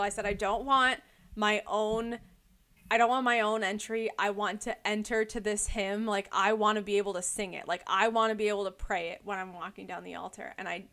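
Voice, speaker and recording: A young woman co-hosting a podcast, chatting casually and telling stories with lots of "like" fillers. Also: medium pitch. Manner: chatty, many "like" fillers, lively storytelling. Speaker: podcast co-host. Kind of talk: casual chat.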